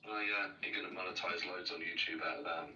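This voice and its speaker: A man's voice: deep voice, fast talker. Cutting man, echoey distant call. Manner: calm, cutting, lecturing. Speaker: caller on a livestream. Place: London. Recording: echoey call audio from far off.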